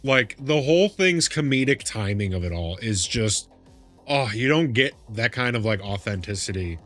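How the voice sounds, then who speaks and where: A man live streaming a game, chatting casually and reacting excitably, laughing and swearing as he goes. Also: medium pitch, moderate pace, soft background music. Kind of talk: casual chat while gaming.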